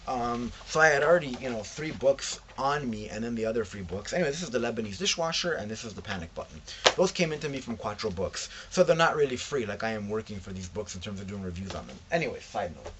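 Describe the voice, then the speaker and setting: With background noise behind him, a young book vlogger talks quickly in an expressive, lowish voice. He chats about books he came across, dropping slangy asides and acting out his friends' lines.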